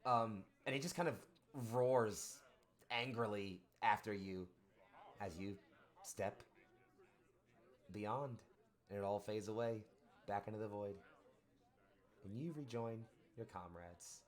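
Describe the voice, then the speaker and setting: A man narrating a tabletop role-playing game as game master, descriptive and animated. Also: on the low side, takes it slowly, long pauses.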